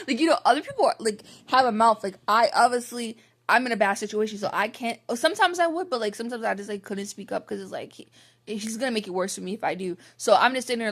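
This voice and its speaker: A young woman tells a personal story straight to camera, her mid-pitched voice carrying a steady gravelly fry. She rambles along, padding almost every phrase with "like", and speaks bluntly with open exasperation. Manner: rambling, heavy use of "like" fillers; frank and exasperated. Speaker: vlogger. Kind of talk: candid storytime monologue.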